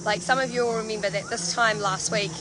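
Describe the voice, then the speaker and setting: A woman from Canterbury with a New Zealand accent livestreams from an outdoor protest camp, speaking a little fast in a voice on the high side. She chats through events and explains things at length, full of "you know" and "like." The phone audio has steady background noise.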